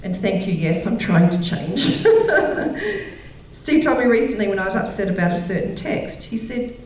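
A middle-aged woman gives a sermon at a women's gathering, telling stories in a medium-pitched, slightly mellow voice that is very animated yet a little slow. She laughs often and acts out the voices of people she quotes. The hall is very echoey, she sounds distant, and there is a little hiss or hum.

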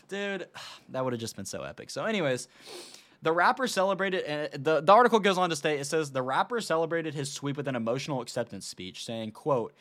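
A man's voice: fairly high pitch, a bit bright. A man hosting a casual commentary show, talking loosely with lots of laughs, "dude" and fillers. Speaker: show host.

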